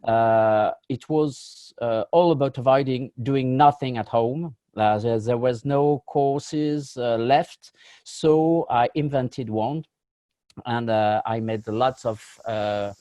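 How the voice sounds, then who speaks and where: A man with a French accent giving a conference talk over a video call, halting and full of fillers. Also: medium pitch, warm tone, dry recording. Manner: halting, many fillers, apologetic. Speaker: conference panelist.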